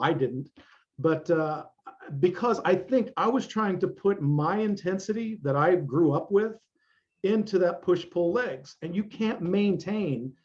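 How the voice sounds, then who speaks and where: A man's voice: fairly high pitch, darkish tone, dull audio. Blunt, swearing middle-aged male coach. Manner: blunt, profane, emphatic. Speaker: fitness coach guest. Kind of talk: casual interview talk.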